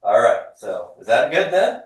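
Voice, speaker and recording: A man's voice: mid-range voice, very animated, moderate pace, far from the mic. Male teacher, classroom drill, cheerful, checks in with students, echoey room, heard from across the room. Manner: upbeat, laughs often, checks with students. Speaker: Hebrew teacher. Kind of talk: classroom drill, call and response.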